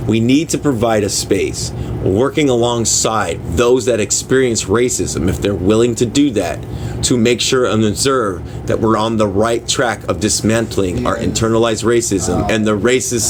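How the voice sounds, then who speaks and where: A man hosting a livestream, reading a book aloud in a casual, halting way, stopping to puzzle over words and talking offhand to viewers. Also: fairly low pitch, background noise. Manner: talks to viewers offhand, apologetic. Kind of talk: casual live reading with chat asides.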